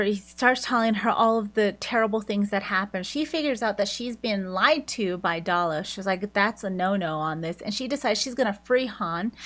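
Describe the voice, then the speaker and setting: A woman talking through a book's plot for her channel, chatty and loose, with frequent "like"s and restarts. Her voice sits at a middling pitch for a woman, and she laughs easily as she goes. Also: fairly bright tone. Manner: chatty, many fillers and self-corrections, laughs often. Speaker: book reviewer. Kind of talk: casual book review retelling the plot.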